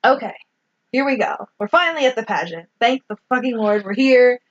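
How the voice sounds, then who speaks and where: A woman's voice: on the high side, expressive, fairly quick. A woman recapping a movie in casual chat, swearing freely and quoting scenes. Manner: swears freely, retells scenes with acted quotes. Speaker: podcast co-host. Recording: dull lo-fi sound.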